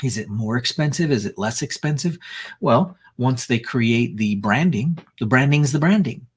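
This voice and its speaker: Male host, husky tone, chatty business commentary with sarcastic asides and constant "right?" tag questions. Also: medium pitch, expressive, moderate pace. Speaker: podcast host. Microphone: screen-share recording.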